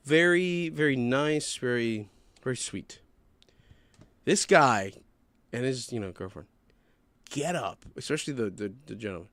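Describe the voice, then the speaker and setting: A young man hosting a podcast, telling a rambling, profane story in a casual, animated way. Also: mid-range voice, a little slow, pauses often, no echo. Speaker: podcast host.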